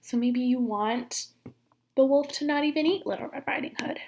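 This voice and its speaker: A woman teacher reading a fairy tale aloud to children and encouraging them, expressive and friendly. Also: sits high, normal speed, slight background noise. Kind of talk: read-aloud story and class instructions.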